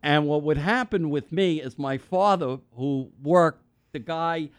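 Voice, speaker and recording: A man's voice: on the high side, unhurried, smooth, dry recording, clean studio sound. A man hosting a talk radio show, telling rambling stories in casual chat with lots of restarts. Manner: rambling, animated storyteller with restarts. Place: radio studio.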